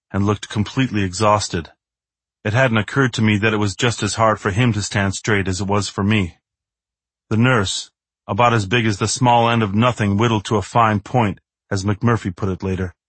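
Male audiobook narrator, low voice, dry close sound, measured and understated. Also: fairly bright tone, no room sound. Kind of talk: first-person novel narration.

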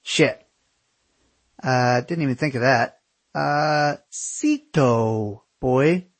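A man's voice: medium pitch, steady tone, takes it slowly, a bit bright. A man playing his optimistic young male travel buddy, who talks in a breezy, casually profane way.

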